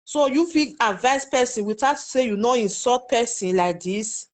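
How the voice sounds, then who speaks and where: A woman with a Nigerian Pidgin accent and a slightly high voice talks straight to her online viewers. She is chatty and exclamatory, and her commentary stays loose and unscripted. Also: normal speed. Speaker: social media commentator. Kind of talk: casual live commentary to viewers.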